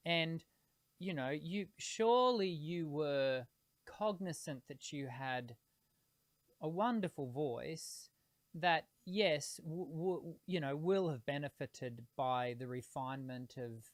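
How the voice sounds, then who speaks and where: A man's voice: a little high, animated, slow, dry recording, clean studio sound. Hesitant, rambling male host. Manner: hesitant, rambling questions with many restarts. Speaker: podcast host, singing teacher. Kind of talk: conversational interview.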